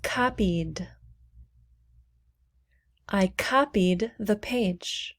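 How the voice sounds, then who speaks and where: Very slow, carefully enunciating female teacher. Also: medium pitch, darkish tone. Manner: clearly enunciating single words for learners to repeat. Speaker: English teacher. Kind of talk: slow, deliberate pronunciation lesson.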